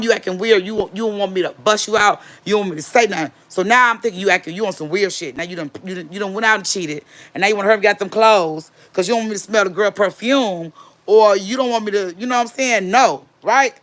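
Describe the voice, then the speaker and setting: A woman tells a story from her own life in a loose, chatty way. She talks at a middle pitch, stresses her points and keeps coming back to the same phrases. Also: fast, a bit bright. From Gary, Indiana area. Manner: chatty and emphatic, repeats herself. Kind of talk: casual storytime.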